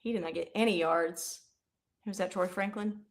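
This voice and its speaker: A young woman doing casual live play-by-play of a football game, chatty and rambling, bursting into excited yelling. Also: mid-range voice, moderate pace. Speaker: livestream host.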